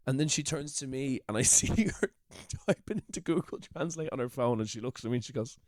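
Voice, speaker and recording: An Irish man co-hosting a podcast, telling comedy stories in a casual, animated way, swearing and laughing as he goes. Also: medium pitch, moderate pace, dry recording, clean studio sound. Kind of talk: casual storytelling chat. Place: shed.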